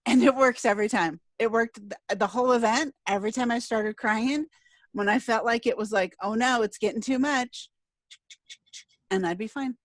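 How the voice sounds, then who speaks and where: A woman's voice: fairly high pitch, normal speed, no room sound. A middle-aged woman hosting a casual interview, telling a heartfelt story in an earnest, emotional way. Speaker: podcast host and speaker.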